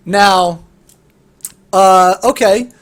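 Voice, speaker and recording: A young man with a high voice tells a heated gaming story on a casual podcast. He swears freely and rants with animated, rising energy. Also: extremely slow. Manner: animated, profane ranting storyteller. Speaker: podcast co-host.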